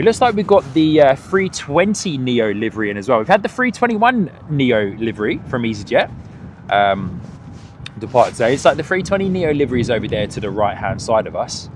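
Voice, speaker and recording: A man with a mid-range, sing-song voice talks a little fast as he runs a live plane-spotting stream, laughing a lot and chatting with his viewers. He's outside near an airport on a cold, windy morning, with wind and outdoor noise in the background.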